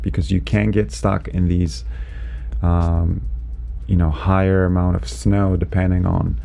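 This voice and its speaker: A man who is a driving instructor, explaining winter driving in a relaxed, chatty way from inside his car, with lots of "you know" and "right?". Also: low voice, creaky. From Canada. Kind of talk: casual instructional commentary while driving.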